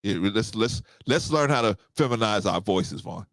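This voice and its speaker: A man's voice: lowish voice, expressive, normal speed, fairly bright tone, no echo. A man hosting a reaction show, mocking and laughing as he comments. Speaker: host.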